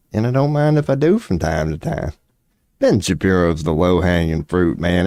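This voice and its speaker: A man's voice: sits low, a little mellow, no echo, clean studio sound. A man streaming a casual rant, profane and mocking, with a drawling delivery at his computer.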